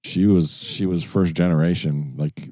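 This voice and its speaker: A man's voice: sits low, steady tone, moderate pace, dark tone, no echo. A man from New York co-hosting a podcast, talking in a laid-back way and defending his side in casual banter inside a jeep. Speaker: podcast co-host.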